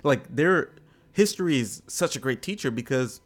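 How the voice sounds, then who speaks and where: Mid-pitched man, musing on a podcast. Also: lively intonation, normal speed. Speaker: podcast co-host. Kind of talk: casual podcast conversation.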